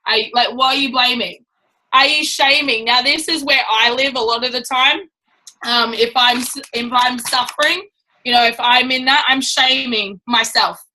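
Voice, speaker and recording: A woman's voice: a little high, fairly even intonation, normal speed, bright, forceful tone, low-quality recording. A woman giving a casual, blunt and chatty training talk to a business team. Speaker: network marketing trainer.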